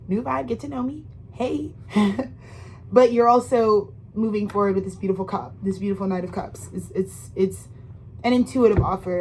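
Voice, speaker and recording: A woman's voice: mid-range voice, darkish tone, slight background noise, low-quality recording. A woman giving a casual tarot reading, talking straight to the listener in a rambling, emphatic and profane way, full of slang and restarts. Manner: slangy, intimate direct address to the listener. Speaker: tarot reader.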